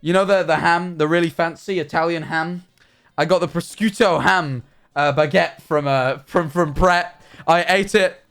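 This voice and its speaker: A man's voice: a little high, fairly even intonation, moderate pace, few pauses, a bit bright, clear, resonant tone. A man, chatting casually on a livestream and telling rambling, jokey stories. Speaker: streamer.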